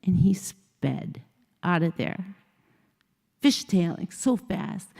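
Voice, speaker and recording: A woman speaker on a conference stage, her voice mellow and slightly gravelly. She tells a personal story with lively energy and slips into different voices for each character. The sound carries a long reverb from a large hall. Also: on the low side, slow pace. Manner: vivid storytelling, acting out dialogue with shifting voices. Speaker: motivational speaker. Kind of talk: storytelling keynote speech.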